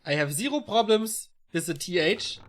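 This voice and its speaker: A man's voice: sits high, lively intonation, moderate pace, fairly bright tone. A man putting on an exaggerated mock German accent, with stiff, broken phrasing. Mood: mock-earnest.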